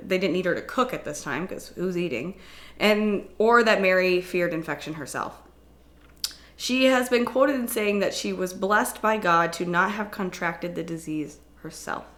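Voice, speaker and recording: A woman's voice: medium pitch, a bit bright. A woman co-hosting a podcast, casually retelling a history story with frequent swearing and laughter. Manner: chatty and profane, laughs often, jumps into quick silly voices. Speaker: podcast co-host.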